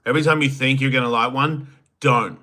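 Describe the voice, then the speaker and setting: A man's voice: medium pitch, steady tone, a little fast, pushed and bright. A man hosting a solo livestream, reading viewer chats aloud and answering them with crude joking banter that sometimes trails off into mumbles. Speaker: podcast host.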